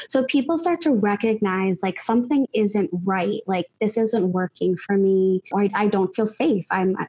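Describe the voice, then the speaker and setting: A woman's voice: medium pitch, a little mellow, low-quality recording. A woman who is a guest therapist on a podcast, explaining things at length and often adding "like" and "you know". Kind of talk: podcast interview.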